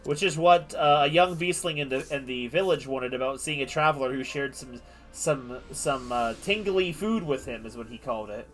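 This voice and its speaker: A man's voice: medium pitch, moderate pace. A man streaming a game live, reading the on-screen text aloud and rambling playfully between lines. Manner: playful, rambling asides with frequent restarts. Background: game music.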